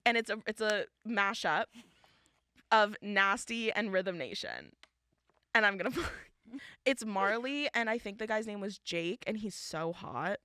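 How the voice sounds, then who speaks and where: A woman's voice: medium pitch, lively intonation, unhurried, sharp tone, clear, resonant tone, no room sound, studio quality. A young woman co-hosting a podcast in casual chat, gushing and laughing often. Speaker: podcast co-host.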